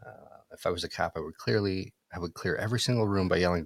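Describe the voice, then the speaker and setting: A man's voice: low-pitched, fast, fairly bright tone, no room sound. A man hosting an interview show, chatty and joking, trying silly impressions. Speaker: host. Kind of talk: casual interview chat.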